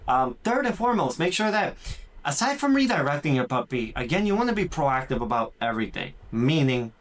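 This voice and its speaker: A man hosting a podcast and giving casual training tips. He talks in an animated way and acts out what owners and puppies might say. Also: on the high side. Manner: animated, acts out puppy and owner voices, says "dude" and "transparently speaking". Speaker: dog trainer and podcast host. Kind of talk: casual instructional podcast talk.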